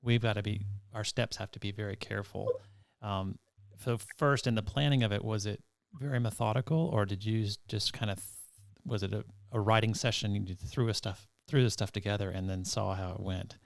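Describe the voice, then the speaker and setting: A man hosts a podcast, asking long, meandering questions in a quiet way. His voice sits low with a gravelly edge. The sound is dry and close. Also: fairly quick, dry recording. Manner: soft-spoken, rambling questions with restarts. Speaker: podcast host. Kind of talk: interview questions.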